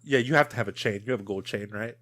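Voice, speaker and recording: A man's voice: fairly low pitch, fast talker, a bit bright. A young man co-hosting a podcast, easily sidetracked and laughing a lot in casual chat. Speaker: podcast co-host.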